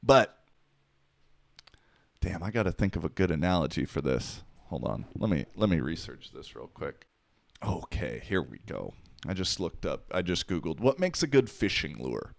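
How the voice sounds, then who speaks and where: A man's voice: low voice, big pitch swings, normal speed, vocal fry, no room sound. A man hosting his own podcast, talking alone in a rambling, profane, wisecracking way. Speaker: podcast host. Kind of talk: casual solo podcast monologue.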